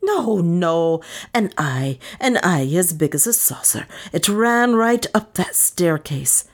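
A woman voicing a hysterical, terrified woman servant in a shrill, squealing voice. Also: lively intonation, takes it slowly.

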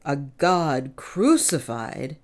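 A proud old Viking chieftain, as a woman reader puts him on, booming out his words in a stern, archaic way. The voice sits very low and heavy. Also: sing-song, extremely slow, heavily acted. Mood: anguished. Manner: loud, stern, archaic speech.

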